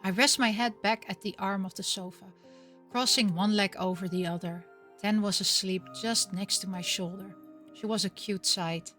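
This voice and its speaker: Bright-voiced woman reading a visual novel. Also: medium pitch, moderate pace, faint music behind. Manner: soft, gentle narration; loud, excited asides. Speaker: game streamer.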